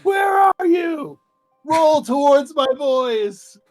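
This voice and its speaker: Man doing a loud woman adventurer, calling out, drawn-out yells, game voice. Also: very high voice, sing-song, faint music behind, pitched above the performer's own voice, full character voice. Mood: yelling. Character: eager woman adventurer yelling for a lost sphere.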